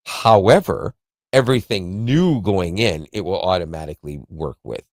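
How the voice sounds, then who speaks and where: A man's voice: low-pitched, animated, moderate pace, darkish tone, no echo, studio quality. A man co-hosting a casual tech podcast, explaining an app in a rambling, self-correcting way with frequent chuckles.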